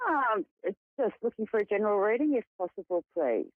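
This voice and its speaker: A caller on a live radio show who asks hesitantly for a reading and speaks in halting phrases. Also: mid-range voice, sing-song, dry recording. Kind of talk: phone-in call. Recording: tinny phone line.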